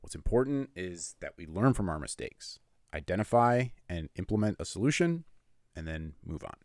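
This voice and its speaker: A man, a medical illustrator, telling a personal story in a relaxed, conversational way with lots of "you know" fillers. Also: low-pitched, moderate pace, dry recording, clean studio sound.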